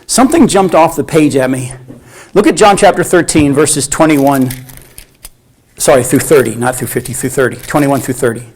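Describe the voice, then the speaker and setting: A man's voice: medium pitch, normal speed. A man teaching a Bible study in sermon style, acting out quoted voices as he goes. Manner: animated, acts out quoted voices.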